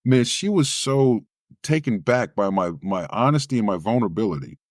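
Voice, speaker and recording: A spoken word poet tells a personal story in an interview, acting out the other people's voices as an animated storyteller. His voice is on the low side at a normal speed, and the studio-quality recording has no room sound.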